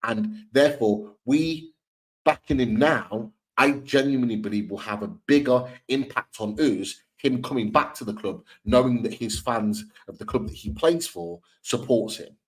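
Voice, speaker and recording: A man's voice: mid-range voice, normal speed, rough recording. A man co-hosting a live football fan stream, talking earnestly and often repeating and restarting his words. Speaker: football podcast co-host.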